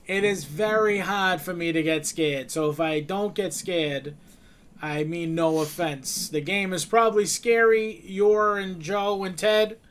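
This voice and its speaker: A man's voice: high-pitched, unhurried, a bit bright, clear, resonant tone. A man co-hosting a gaming video, chatting casually in a boastful, rambling way with many restarts. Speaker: co-host of a gaming channel. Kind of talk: casual gameplay chat.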